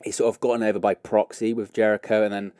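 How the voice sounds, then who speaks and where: A man's voice: on the low side, little pitch movement, fast talker, dark tone, clear, resonant tone, no echo, studio quality. A man hosting a show, talking through his views in a casual, rambling way with many fillers and self-corrections. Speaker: wrestling podcast host. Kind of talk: casual opinion commentary.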